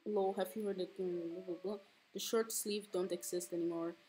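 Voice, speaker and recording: A woman's voice: medium pitch, fairly even intonation, normal speed, dark tone, a little hiss or hum, poor audio. A woman in her twenties chatting casually while drawing on stream, swearing freely and breaking into squealing laughs when flustered. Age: 20s. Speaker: streaming artist.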